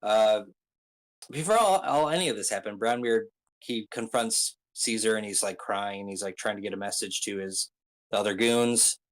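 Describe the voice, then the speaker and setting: A man's voice: on the low side, moderate pace, low-quality recording. A man casually recapping a story, rambling with many ums and uhs and throwing in joking asides. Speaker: video creator recapping an anime arc.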